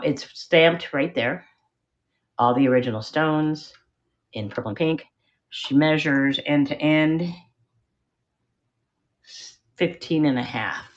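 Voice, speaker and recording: A woman's voice: very deep voice, lo-fi sound. A middle-aged woman selling vintage jewelry on a live stream, chatting casually and rambling as she shows each piece from a spare bedroom at home. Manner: chatty, rambling, self-deprecating. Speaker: online jewelry seller. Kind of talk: live-stream auction chat.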